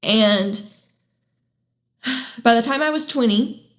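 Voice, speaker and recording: A woman hosting a podcast, sharing her personal faith testimony at home in a candid, halting way, with many restarts and self-deprecating asides. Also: on the high side, fairly bright tone. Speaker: podcast host.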